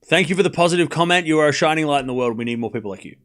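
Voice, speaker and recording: A man calling a tennis match live for his stream, calling out the score and chatting with his viewers in a casual, excitable way. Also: a little high, rapid-fire, clean tone. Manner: excitable, calls the score, chats with viewers, shouts at big points. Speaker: streamer doing live tennis watchalong commentary.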